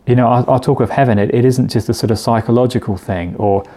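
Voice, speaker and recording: Mellow-voiced man preaching conversationally. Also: medium pitch, fairly even intonation, fast. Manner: conversational, with restarts and rhetorical questions. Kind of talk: sermon.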